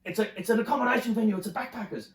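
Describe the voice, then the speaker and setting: A man's voice: very high voice, brisk, gravelly, voice pushed up. A man putting on a flustered young backpacker pleading on the phone. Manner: pleading, exasperated. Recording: roomy, from a distance.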